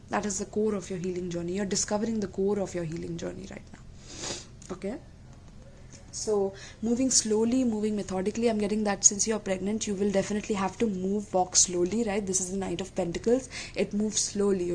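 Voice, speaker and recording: A woman with a mid-range voice gives a tarot reading straight to camera, earnest and affectionate, gentle and emotional. She warmly checks in with her listeners again and again, with little asides like "okay?" and "my loves." A faint hiss sits beneath her voice.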